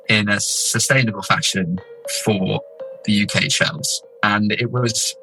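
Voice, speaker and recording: A man, an explorer telling an expedition story with animated asides and many fillers. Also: fairly low pitch, rough recording. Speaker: explorer guest. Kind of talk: casual storytelling.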